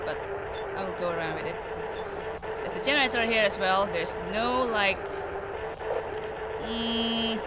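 A woman's voice: mid-range voice, heavy background noise. A woman giving thinking-aloud commentary on her game run, nervous and hesitant, muttering her plans to herself. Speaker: gameplay commentator.

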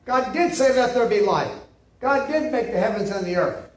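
A man's voice: very high voice, expressive, normal speed. A male pastor preaching a sermon in an emphatic, repetitive way, often checking in with "see?". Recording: echoey room, mic at a distance.

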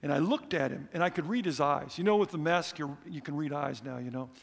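A middle-aged man preaching a sermon as a visiting missionary, telling stories in an animated, earnest way. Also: fairly high pitch, a little fast, vocal fry. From United States. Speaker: missionary speaker. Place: church hall. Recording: echoey church hall.

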